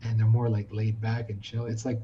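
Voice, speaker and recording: American man telling animated stories, muffled sound. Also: fairly low pitch, brisk, a little hiss or hum. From United States. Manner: animated storyteller, acts out quoted speech. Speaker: podcast guest. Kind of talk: casual chat.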